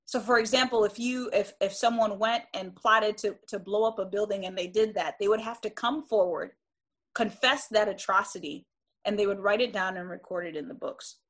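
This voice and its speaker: A woman's voice: mid-range voice, fairly even intonation, normal speed, a bit bright. A woman giving a classroom lecture in an earnest, emphatic way, often restarting and checking in with "right?".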